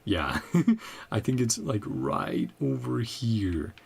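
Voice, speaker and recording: A man's voice: fairly low pitch, big pitch swings, takes it slowly, creaky, a little mellow, husky. A man hosting a gaming video, chatting casually and thinking aloud with frequent chuckles. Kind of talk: casual game commentary.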